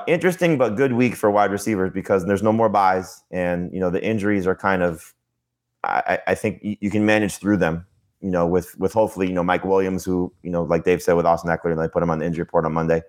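A man co-hosting a sports podcast, talking in a loose, rambling way with many fillers and restarts. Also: sits low. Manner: quick, rambling, heavy with "you know" and restarts. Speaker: podcast co-host, fantasy analyst. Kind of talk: casual podcast talk.

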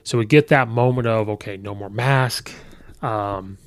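A man hosting a podcast, recapping a film in a casual, rambling way with many fillers and quick quoted asides. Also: fairly low pitch. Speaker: podcast host reviewing a film. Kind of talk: casual movie review.

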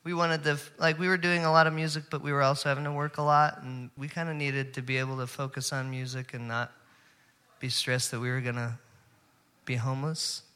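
A man's voice: medium pitch, level tone, a little fast, pushed and bright, clear, resonant tone. A young man, a musician guest, chatting casually in an interview, easygoing and laid-back.

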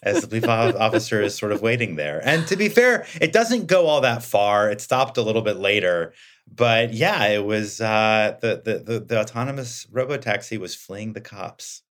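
A man guest on a podcast, answering conversationally and thinking aloud, and he gets animated when retelling a story. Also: on the low side, normal speed. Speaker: guest expert.

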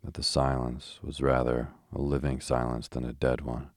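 Deep, monotone sleep-story narrator. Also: male voice, no room sound, clean studio sound. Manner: slow, steady, soothing. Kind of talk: rhythmic sleep-story reading.

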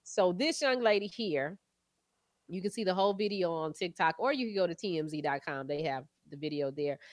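Chatty Southern woman with a low voice. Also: no echo, studio quality. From Texas. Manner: chatty, explaining with warm asides. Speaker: radio show co-host. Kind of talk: casual morning show chat.

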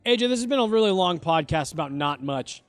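A man's voice: sits high, animated, quick pace. A man hosting a sports podcast, chatting casually, rambling with restarts and frequent laughs. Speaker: podcast host.

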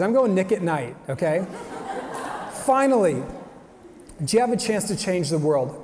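A man's voice: high voice, a little mellow. Upbeat man giving a joking faith talk. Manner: enthusiastic, joking, punchy rhetorical questions. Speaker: speaker at a young professionals' faith event. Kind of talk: energetic motivational faith talk. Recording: live talk in a reverberant hall.

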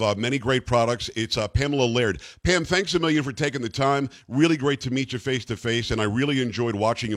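Fast-talking American talk show host, a man. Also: medium pitch. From United States. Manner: chatty, rambling with many fillers and restarts. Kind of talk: interview.

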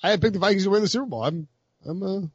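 A man hosting a casual sports betting chat, talking quickly with frequent restarts and laughs. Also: high voice, slightly rough, no echo, lo-fi sound. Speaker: podcast host.

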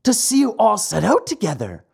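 A storybook narrator voicing an eager, dreamy wooden marionette boy whose talk keeps rising into excited high cries. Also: moderate pace, gravelly, slightly rough, full character voice.

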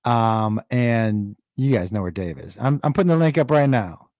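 A man hosts a relaxed live show and chats with the people watching. He coaxes them to join in and calls them by name. His voice has a middle pitch and sounds close and dry, with no room around it. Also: moderate pace, no room sound. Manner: chatty, coaxing, calls out to viewers by name. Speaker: host. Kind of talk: casual livestream chat with audience.

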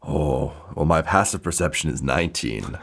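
A man's voice: extremely low pitch, expressive, moderate pace, gravelly, a bit bright, breathy edge. A man narrating as game master of a tabletop game, rambling with many fillers and restarts.

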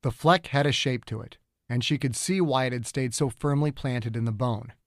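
A man's voice: medium pitch, no echo. Man narrating a thriller audiobook, dry sound. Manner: steady, measured storytelling. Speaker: author and narrator.

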